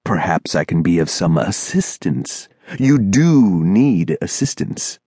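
A man voicing an eerie, towering thin male stranger in an audiobook, with a musical, sing-song voice and a slow, coaxing, commanding manner. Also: sits low, sing-song, warm tone, husky, no room sound, studio quality, full character voice. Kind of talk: audiobook character voice.

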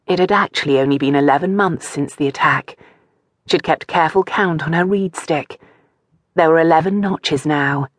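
A woman narrating an audiobook reads a romance novel in a calm, even storytelling style. Her low voice is captured in a dry, close studio recording of scripted narration.

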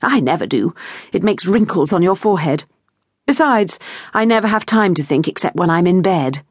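A woman's voice: on the low side, big pitch swings, moderate pace, slightly rough, no echo, studio quality, heavily acted. A woman doing a gushing chatty neighbour. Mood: bustling. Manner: effusive, breathless chatter. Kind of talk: audiobook character voice.

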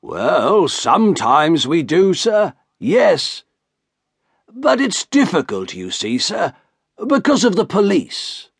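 A man's voice: a little high, huge pitch swings, slow, creaky, slightly rough, no echo, clean studio sound, voice pushed up, full character voice. A man reading an audiobook, voicing an obsequious male shopkeeper who keeps calling his customer sir. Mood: fawning. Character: fawning, pushy male showman shopkeeper. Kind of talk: audiobook character voice.

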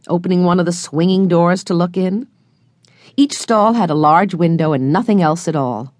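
A woman narrating a children's audiobook with clear, expressive storytelling, recorded close in a studio. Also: fairly low pitch, moderate pace, dry recording. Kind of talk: scripted narration of a children's book.

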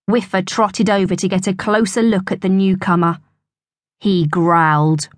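A woman narrating a children's audiobook with expressive, storytelling delivery. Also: lowish voice, a little slow, dry recording, studio quality.

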